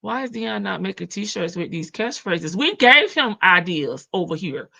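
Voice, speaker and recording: Laughing Southern woman, gravelly bright voice. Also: medium pitch, expressive, normal speed. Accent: Southern US country. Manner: chatty, laughs often, drawls in a country way. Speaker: livestream reaction host. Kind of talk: casual live chat reading comments.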